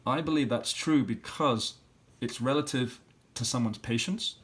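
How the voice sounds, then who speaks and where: A male teacher leads a classroom walkthrough of practice questions, thinking out loud stage by stage and pronouncing letters and syllables. He speaks in a mid-range voice without hurrying.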